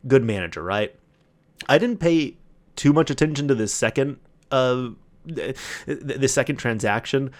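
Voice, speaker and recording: A man hosting a solo podcast, telling a long anecdote in a casual, animated way, acting out the other people's lines and often restarting his sentences. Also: medium pitch. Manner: animated retelling with quoted voices, frequent restarts. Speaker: podcast host.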